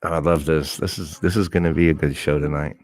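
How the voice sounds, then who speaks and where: A man's voice: extremely low pitch, fairly even intonation, brisk, a little mellow. A young man hosting a live show, telling a profane dating story with acted-out quotes. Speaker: host. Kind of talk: casual storytelling to a live audience.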